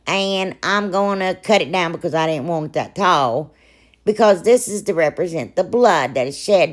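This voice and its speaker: A woman, hoarse and froggy from a sore throat, narrating a crafting video in a rambling, chatty way with lots of asides. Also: lowish voice. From Ohio, US. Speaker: crafting channel host. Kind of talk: casual DIY voice-over narration.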